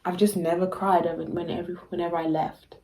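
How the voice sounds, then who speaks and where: A woman's voice: fairly low pitch, little pitch movement, brisk, warm tone. A young woman from South Africa, co-hosting a podcast, talking in a rambling casual way with many fillers and restarts. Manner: rambling, full of fillers and restarts, laughs often. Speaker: podcast co-host. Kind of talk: casual chat.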